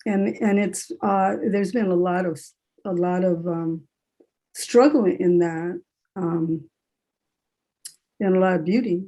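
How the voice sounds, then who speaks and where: A middle-aged woman, an English professor, talking candidly over a video call in a halting, reflective way and slipping Spanish phrases into her speech. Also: mid-range voice, warm tone, poor audio. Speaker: English professor and author, panel guest. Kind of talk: casual reflective discussion.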